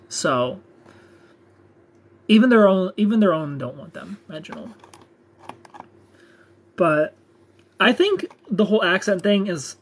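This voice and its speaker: A man's voice: on the high side, fairly bright tone, slightly rough. A young man hosting a live stream, joking casually and reading out viewer comments.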